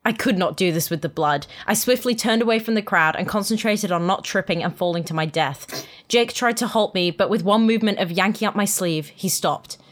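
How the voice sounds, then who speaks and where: A young woman reads a fan fiction aloud in a mid-pitched voice, narrating dramatically in the first person. Between passages she chats with amused asides. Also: brisk. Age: young adult. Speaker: podcast co-host and reader. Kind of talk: reading fan fiction aloud, then chatting.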